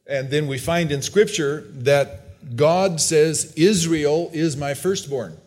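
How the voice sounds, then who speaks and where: A man with a fairly high-pitched, darkish-toned voice is preaching a sermon. He reads Bible verses aloud, briefly acts out characters' lines, and explains them loosely with restarts.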